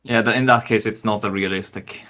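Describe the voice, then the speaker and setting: Man from sweden, lowish voice, dry jokes, casual chat with players. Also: steady tone, a little fast, pushed and bright. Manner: dry, joking asides. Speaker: tabletop game player.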